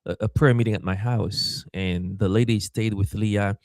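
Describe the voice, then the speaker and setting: Animated man telling a story. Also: on the low side, normal speed, no room sound, studio quality. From Haiti. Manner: animated, acts out quoted voices, stammers and repeats. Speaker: pastor. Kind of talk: storytelling in a podcast interview.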